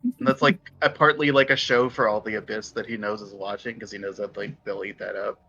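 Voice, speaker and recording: Male player, bright and jokey, muffled lo-fi audio. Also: lowish voice, steady tone, fairly quick. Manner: joking. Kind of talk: casual tabletop play. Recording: dull lo-fi mic.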